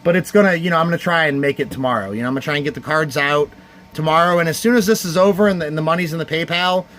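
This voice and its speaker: Man hosting a casual stream auction, a touch high-voiced, earnest and rambling, with light background hum. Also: a bit bright. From Cleveland area, United States. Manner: heartfelt and rambling, thanking viewers by name. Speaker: livestream host running a charity card auction. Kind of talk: casual livestream chat.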